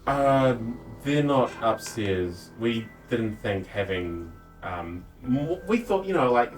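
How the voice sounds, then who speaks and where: Relaxed man player, distant mic. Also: medium pitch, slow pace, faint music behind. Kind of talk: casual chat at a game table.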